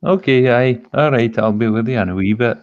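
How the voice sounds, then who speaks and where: A man putting on a loud, exaggerated Scottish accent for bantering lads. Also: medium pitch, a little fast, dull audio, lightly acted. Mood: rowdy. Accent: Scottish (put on).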